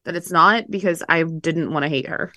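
Excitable woman podcast co-host, dry sound. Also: low-pitched, moderate pace, no room sound. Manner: excitable, laughs often, crude jokes. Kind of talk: casual chat.

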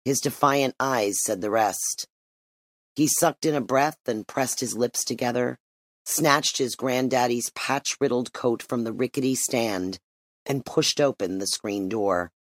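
A man reading a dark short story aloud as narrator, in steady, measured storytelling. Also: medium pitch, no room sound. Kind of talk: audiobook narration.

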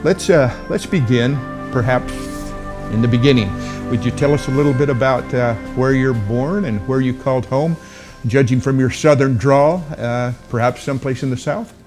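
A man hosting a podcast who interviews a guest in a formal, measured way. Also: medium pitch, music in the background. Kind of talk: scripted interview.

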